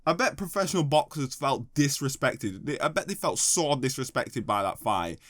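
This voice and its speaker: A man's voice: mid-range voice, sing-song, moderate pace, fairly bright tone, no room sound, studio quality. A man giving sarcastic, mocking comedic commentary. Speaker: YouTube commentator.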